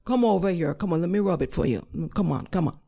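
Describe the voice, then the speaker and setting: A woman voicing a stern, motherly middle-aged nurse with a Jamaican accent, scolding loudly in broken grammar. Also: on the low side, expressive, quick pace, creaky, full character voice. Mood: soothing. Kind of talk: storytelling with acted quotes.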